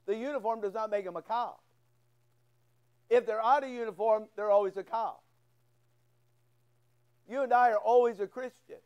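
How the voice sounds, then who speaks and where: A man's voice: high voice, normal speed, long pauses, a little mellow, smooth, dull audio. A male pastor preaching a sermon in church, telling a folksy story and acting out both sides of a conversation. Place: church sanctuary.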